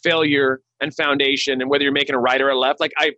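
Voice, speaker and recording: Fast-talking jokey male podcast host. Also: medium pitch, little pitch movement, bright, forceful tone, dry recording, muffled recording. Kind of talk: casual interview chat.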